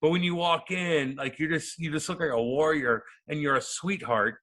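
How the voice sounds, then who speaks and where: A man in his thirties, a podcast guest, telling stories in a lively, profane way and acting out quotes. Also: a little high, normal speed. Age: 30s. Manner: animated, profane, acts out quotes. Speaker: podcast guest, former hockey player. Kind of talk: casual storytelling interview.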